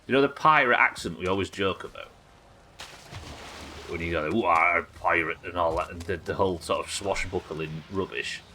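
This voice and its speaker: A man's voice: sits low, moderate pace, bright, forceful tone, slight background noise. A young English man chatting casually and rambling while streaming a game, swearing now and then. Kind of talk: casual live-stream chat while gaming.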